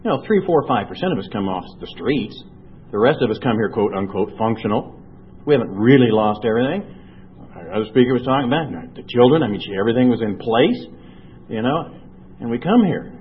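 A man's voice: mid-range voice, expressive, fast, narrow, tinny audio, slight background noise. An older man giving earnest personal testimony to a recovery meeting, telling his story and acting out the dialogue he remembers. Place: meeting room.

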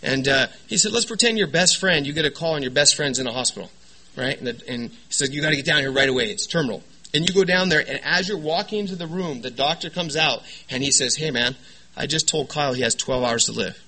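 A man tells his recovery story to a meeting crowd. His voice sits a bit high and sounds bright and forceful, and he keeps it animated with quips and asides to the listeners. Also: quick pace, slight background noise, low-quality recording. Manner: animated, joking storyteller with lots of "right?" and "you know". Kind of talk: personal testimony talk. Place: meeting room with an audience.

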